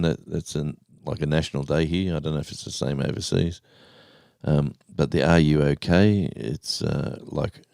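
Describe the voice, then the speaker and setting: A man's voice: a bass voice, creaky, mellow, no room sound, clean studio sound. A man hosting a live stream, telling a rambling story in casual chat and reading out names from the chat. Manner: rambling storyteller, reads chat names aloud, says mate.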